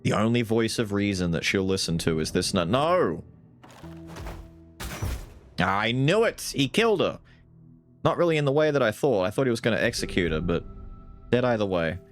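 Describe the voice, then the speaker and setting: A man giving casual, animated let's-play commentary, thinking aloud and swearing casually. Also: on the low side, moderate pace, pauses often, soft background music. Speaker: gaming YouTuber.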